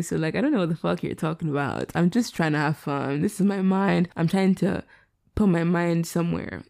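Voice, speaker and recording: A young woman talks through her solo podcast late at night, candid and rambling, with a tired edge. Her voice is low, mellow and gravelly with plenty of fry. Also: a little fast. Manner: rambling, candid, self-deprecating. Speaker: podcast host. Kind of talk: casual solo podcast chat. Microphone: laptop setup.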